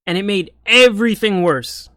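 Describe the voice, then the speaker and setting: A man's voice: high-pitched, moderate pace, pushed and bright, dry recording. A man ranting in political commentary, exasperated, sarcastic and profane.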